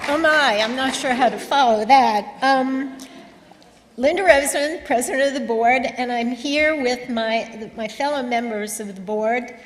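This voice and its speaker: A woman, board president, welcoming a congregation to its annual meeting, gently and with many ums. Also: sits high, unhurried, some chatter behind. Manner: gentle and hesitant, with frequent ums. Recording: echoey hall with faint noise.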